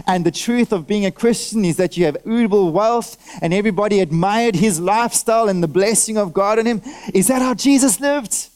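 A man preaching a sermon to his church, lively and direct, throwing out rhetorical questions and asking the congregation for nods and amens while wearing a mask. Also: sits high, normal speed, clear, resonant tone. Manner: talks directly to listeners, asks for nods and amens. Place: church service.

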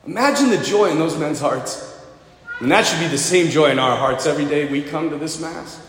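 A man preaching a sermon to his parish, retelling a story with animated, dramatic delivery. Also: fairly high pitch, fairly quick. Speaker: priest. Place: church. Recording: echoey church hall.

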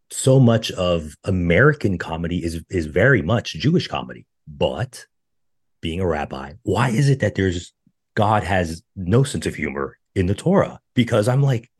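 Deep-voiced casual podcast host. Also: male voice, unhurried, husky. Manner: casual, animated, mimics his own thoughts. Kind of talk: casual chat.

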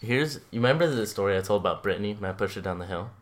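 A man's voice: on the low side, expressive, racing. A young man telling a rambling, crude story in a casual podcast chat with friends. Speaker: podcast co-host.

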